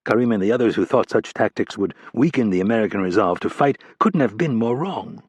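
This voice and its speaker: A man narrates a thriller audiobook in a measured, steady manner. His voice sits low with a husky grain. The sound is close and dry, with no room around it. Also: no echo.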